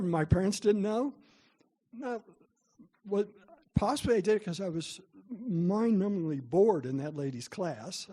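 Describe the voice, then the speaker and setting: A man's voice: high voice, mellow, slightly rough. A middle-aged man giving a parent workshop, telling chatty, self-deprecating stories to the room. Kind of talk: storytelling talk to parents.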